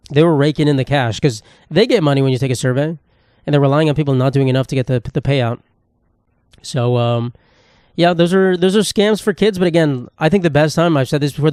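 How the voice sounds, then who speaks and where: A man's voice: a little high, a little mellow, smooth, no echo. A man in his twenties hosting a casual solo podcast, rambling and swearing, with sarcastic asides and a dry throat. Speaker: podcast host.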